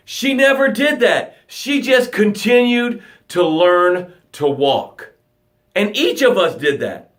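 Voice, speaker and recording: A male motivational coach speaks live to viewers from his home via a phone or webcam broadcast. His voice sits a little high for a man, with lively intonation and a slow pace. He is dramatic, swinging from loud, rising urging to quiet, hushed guidance.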